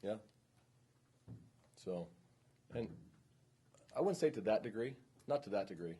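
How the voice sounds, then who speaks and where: A man's voice: on the low side, animated, unhurried, warm tone, a little hiss or hum. A man teaching a police training class, speaking informally and often checking in with the room.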